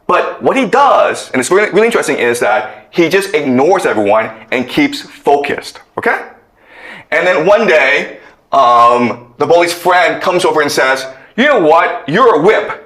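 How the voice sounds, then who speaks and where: A man's voice: fairly high pitch, big pitch swings, moderate pace, a bit bright. A man giving a lecture, telling a story and often checking in with okay. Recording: echoey room.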